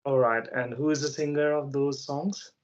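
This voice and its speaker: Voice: mid-range voice, steady tone, moderate pace, muffled recording. An adult English conversation interviewer asking a young learner questions in a casual chat, talking hesitantly with many fillers and patiently explaining ideas.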